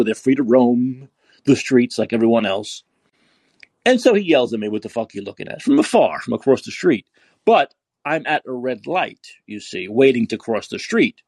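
A man's voice: medium pitch, a little mellow, slightly rough, no room sound. A man from New York hosting a call-in podcast, ranting and profane, often repeating himself as he restarts sentences. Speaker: podcast host. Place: San Francisco.

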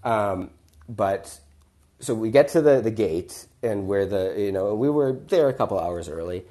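A man with a fairly low voice tells a personal story on a podcast. He talks casually and with energy, often backing up and adding fillers as he goes. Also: expressive, measured pace, mellow. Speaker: podcast host.

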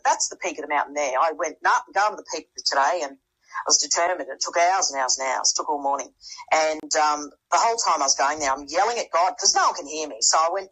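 Husky-voiced woman telling a story. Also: deep voice, fairly quick, rough recording. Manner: animated, acts out quoted voices, frequent restarts. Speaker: podcast guest. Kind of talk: casual storytelling.

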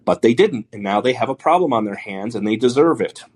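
A man's voice: medium pitch, animated, fairly quick, slightly rough. A man hosting a talk show, giving blunt, profane commentary and rambling with many restarts. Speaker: podcast host. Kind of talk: casual commentary.

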